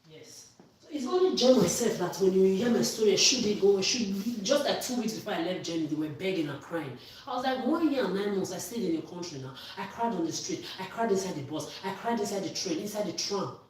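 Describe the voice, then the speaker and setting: A woman's voice: mid-range voice, expressive, a little fast, darkish tone, a little hiss or hum. A woman vlogger delivering an angry, accusatory monologue, swearing and often raising her voice. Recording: echoey room, far from mic.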